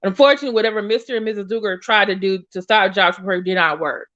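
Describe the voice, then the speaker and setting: A woman's voice: medium pitch, fast talker, a bit bright, no room sound, highs cut off. A woman giving blunt, emotional reaction commentary as she reads news aloud, swearing and talking back at it. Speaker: commentary youtuber.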